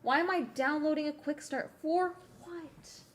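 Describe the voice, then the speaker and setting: A woman's voice: high voice, unhurried. A woman streamer in casual chat, ranting with exasperation and swearing, while she is sick.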